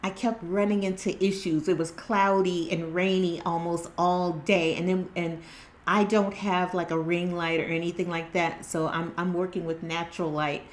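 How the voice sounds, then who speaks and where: A woman's voice: fairly low pitch, little pitch movement, normal speed. A woman hosting her own spiritual tarot channel, talking earnestly and casually with many fillers and restarts. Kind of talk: casual spiritual vlog chat. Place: indoors at home by natural light.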